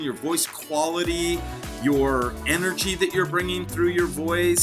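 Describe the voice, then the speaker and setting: A man co-hosting a casual podcast for realtors, chatty and relaxed, acting out how he answers the phone. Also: fairly high pitch.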